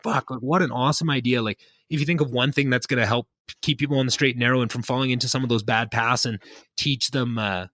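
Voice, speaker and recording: Young man, podcast host, earnest and reflective, rapid delivery, dry close sound. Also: mid-range voice, steady tone, pushed and bright, dry recording. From Canada. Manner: earnest, reflective, heavy on fillers. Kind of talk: casual catch-up chat.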